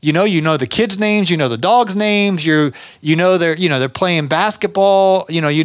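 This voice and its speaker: A middle-aged podcast host from Georgia in the US gives casual business advice, rambling and chatty with many restarts. His voice is fairly high and moves at a moderate pace. The recording is studio quality with no echo.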